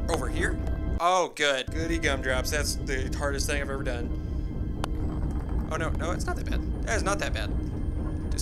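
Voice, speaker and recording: A young man giving excitable gameplay commentary, mocking himself and shouting when surprised. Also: on the high side. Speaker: gaming YouTuber.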